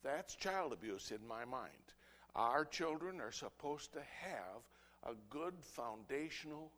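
Forceful preacher, impassioned sermon. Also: male voice, lively intonation, takes it slowly. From United States. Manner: impassioned preaching that swings from loud outbursts to low, earnest asides. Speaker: pastor.

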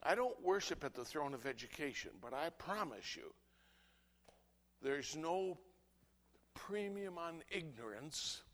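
A man, a pastor, preaching an impassioned sermon that swings between loud outbursts and low, earnest asides. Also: very animated, measured pace, pauses often. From United States.

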